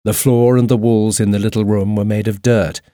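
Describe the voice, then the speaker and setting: Low-voiced male storybook narrator. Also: moderate pace, no echo, studio quality. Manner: steady, even reading.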